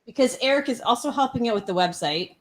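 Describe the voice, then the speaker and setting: A woman's voice: on the high side, animated, fast. A Canadian woman co-hosting a livestream, playful and teasing. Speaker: co-host. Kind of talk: casual livestream chat.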